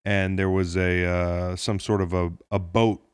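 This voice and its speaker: A man's voice: sits low, little pitch movement, unhurried, clean tone, no room sound, studio quality. A man co-hosting a casual sports podcast, talking in a jokey, profane, rambling way with lots of restarts. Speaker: podcast co-host.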